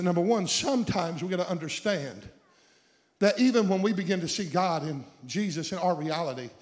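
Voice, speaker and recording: A man preaching a sermon, building to shouts at the climaxes and calling out questions to the congregation. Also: high-pitched. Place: church sanctuary. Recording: long hall reverb.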